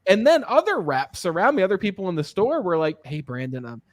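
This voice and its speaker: Host, male, higher-pitched voice, lively anecdotal delivery, dry close-miked sound. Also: quick pace, no room sound. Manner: animated, anecdotal, often asks "right?". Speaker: podcast host and sales coach. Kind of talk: casual interview chat.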